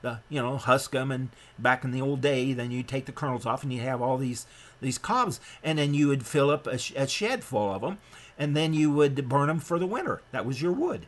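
A man's voice: animated, moderate pace, a bit bright. A man from Nebraska giving a sermon-style lecture, emphatic and rambling, often restarting his sentences. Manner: emphatic and rambling, with frequent restarts and sudden rises in pitch.

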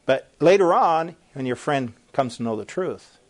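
A man's voice: fairly high pitch, animated, normal speed. A man preaching an emphatic sermon-style talk, firing rhetorical questions and repeating phrases as he presses each point.

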